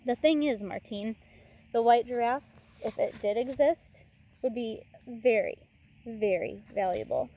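A woman reading aloud as a smooth-talking, sly male game warden with breezy, overfamiliar patter that turns menacing. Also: a little high, unhurried, dull audio.

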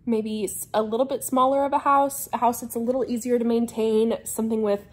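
A young adult vlogger sits on her living room couch and gives casual house updates to camera, her chat rambling and somewhat scattered. She speaks fairly quickly in a level tone, with a voice that sits a little high.

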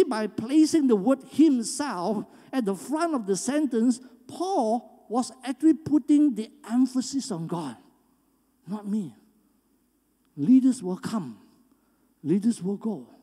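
Man, pastor, emphatic sermon, warm dark tone, long church reverb. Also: extremely high pitch. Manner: earnest, emphatic preaching with rising stresses. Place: church sanctuary.

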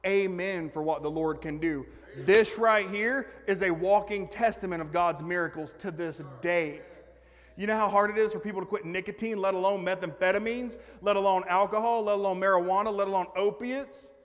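A man preaching a sermon in a slightly high voice. He climbs into loud, excited bursts and then drops to quiet, wry asides. A long church reverb hangs on every line. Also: normal speed. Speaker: pastor. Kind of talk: energetic sermon. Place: church sanctuary.

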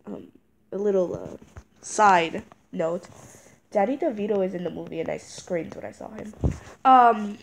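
A woman's voice: medium pitch, a little slow, gravelly, slight background noise. A congested teenage girl talks straight to her viewers, sick and stuffy but still fired up. She rambles through her complaints with lots of ums, likes and restarts. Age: teens. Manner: rambling, with many fillers and restarts; indignant ranting. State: congested from a cold. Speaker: vlogger. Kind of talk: casual talking-head review.

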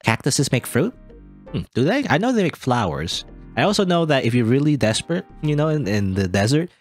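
A man's voice: mid-range voice, very animated, a little fast, faint music behind. Rambling let's play host, man. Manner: rambling asides with many fillers. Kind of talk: reading game text aloud with casual commentary.

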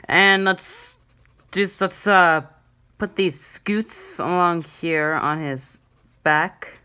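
Woman, drawing tutorial host, chatty, self-deprecating, bright tone, slow delivery. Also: on the low side, steady tone. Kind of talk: casual drawing tutorial commentary.

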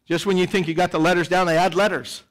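A middle-aged man preaching a sermon in church, animated, swinging between loud emphasis and quiet asides. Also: high-pitched, fast. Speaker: pastor. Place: church sanctuary.

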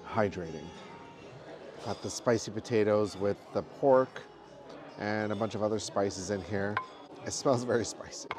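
A man in a casual travel vlog, chatting in a relaxed way while reviewing food and giving park tips. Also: fairly low pitch, unhurried, over music. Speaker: travel vlogger. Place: theme park restaurant, then hotel.

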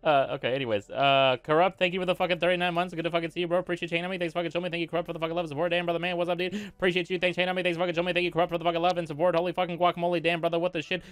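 A man's voice: on the high side, clear, resonant tone, no echo. A young adult man streaming a game live, rattling off profane thank-yous to subscribers in a casual chat style. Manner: profane, rapid shout-outs to subscribers.

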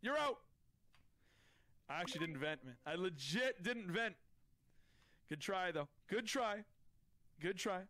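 High-voiced excitable man gaming. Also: a little slow, pauses often, dry recording. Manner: excitable, loud outbursts, repeats himself. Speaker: streamer playing a social deduction game.

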